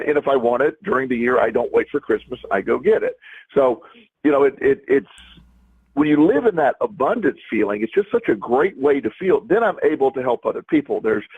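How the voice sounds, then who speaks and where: Husky middle-aged man on a tinny line. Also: medium pitch, no echo. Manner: rambling, many restarts and repeated words. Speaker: podcast co-host. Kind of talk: casual chat.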